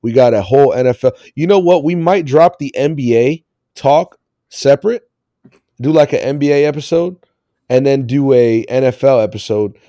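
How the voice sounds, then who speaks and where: A man's voice: mid-range voice, moderate pace, dark tone, no room sound, studio quality. A man hosting a casual sports podcast, talking in a loose, rambling way and laughing often. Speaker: podcast host.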